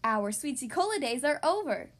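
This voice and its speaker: No-nonsense mama bear in a storybook, read by a woman. High and lively. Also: normal speed. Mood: firm. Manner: firm and matter-of-fact. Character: firm, no-nonsense mother bear.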